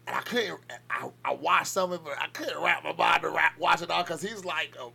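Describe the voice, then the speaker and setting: A man's voice: fairly high pitch, brisk, vocal fry, bright, forceful tone, husky. A man co-hosting a podcast in a loose, laughing, profane style, with a Southern US accent. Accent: Southern US, Georgia. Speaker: podcast co-host. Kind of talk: casual chat.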